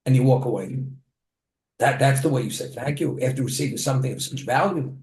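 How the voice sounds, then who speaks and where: A man's voice: medium pitch, brisk, a little mellow, echoey room. A man delivering a plain-spoken sermon, telling a story from his own life with the occasional restart.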